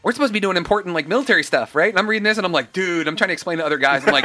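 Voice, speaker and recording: Animated, laughing man in casual chat. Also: high voice, very fast, few pauses, a crowd in the background. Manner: animated, laughing storyteller, acts out quotes.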